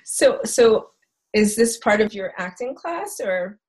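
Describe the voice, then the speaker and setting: A woman hosting an interview, warmly enthusiastic and encouraging toward her guest. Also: mid-range voice, animated, slow pace, breathy edge. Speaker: interviewer, host. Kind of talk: casual interview chat.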